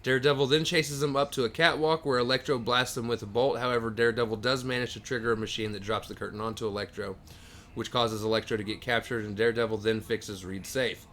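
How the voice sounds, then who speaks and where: A man's voice: mid-range voice, fairly even intonation, quick pace, fairly bright tone, slight background noise. A man co-hosting a podcast, casually recapping comic book plots at length with dry jokes. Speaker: podcast co-host.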